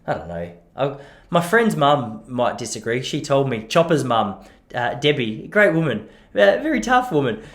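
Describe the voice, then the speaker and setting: A young Australian man hosts a podcast on his own, talking in a loose, chatty way. He pokes fun at himself and jumps into quick impressions of people in his stories. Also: medium pitch, sing-song. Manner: chatty, self-mocking, acts out voices in quoted stories. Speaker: podcast host. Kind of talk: casual solo monologue.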